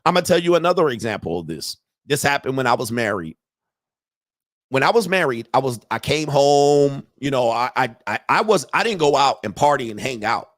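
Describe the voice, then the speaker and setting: A man's voice: mid-range voice, big pitch swings, brisk, a bit bright, dry recording, studio quality. A middle-aged man hosting a commentary show, reacting to interview clips in a blunt, slangy, profane way. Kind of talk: casual commentary.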